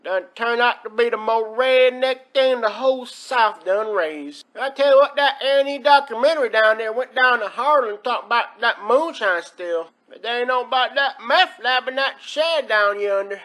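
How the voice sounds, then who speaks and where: A man's voice: extremely high pitch, normal speed, hardly any pauses, fairly bright tone. A man hosting a comedic countdown, talking in a rambling, folksy, exaggerated drawl. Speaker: host of a countdown video.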